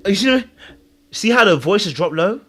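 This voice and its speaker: A man hosting a reality-show reaction video, talking excitedly, laughing and breaking into imitations as he comments. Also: sits high, a little slow. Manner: excitable, laughs, mimics voices mid-sentence.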